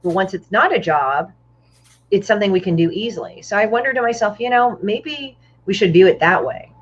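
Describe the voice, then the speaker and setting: A woman's voice: medium pitch, animated, a little fast. A woman, a guest comic artist, chatting casually and bluntly, swearing freely and acting out other people's lines. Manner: blunt, profane storyteller who acts out other people's lines. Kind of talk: casual podcast chat. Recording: dull, muffled lo-fi audio.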